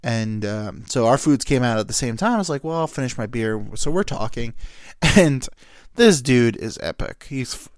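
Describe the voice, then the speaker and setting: Rambling, swearing solo podcast host. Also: male voice, mid-range voice, lively intonation, normal speed, no echo, clean studio sound. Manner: rambling, profane and self-mocking, with lots of ums and quoted dialogue.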